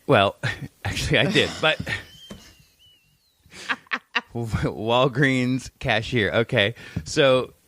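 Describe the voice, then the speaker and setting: This podcast co-host speaks very slowly in a mid-range voice, pausing often as he tells a story in casual chat. He stays animated, swears freely, and acts out quoted voices, with no room sound on the recording.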